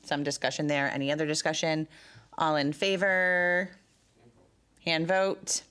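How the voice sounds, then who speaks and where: A woman chairing a public school board meeting who makes brisk procedural calls and counts votes. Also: sits low, flat delivery, fairly bright tone, clean tone.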